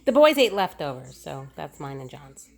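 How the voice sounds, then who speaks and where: A woman chatting casually as she shows the family dinner in her home kitchen, homey and unhurried. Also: sits low, very animated, creaky. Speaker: vlogger cooking for her family. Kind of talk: casual kitchen vlog chat.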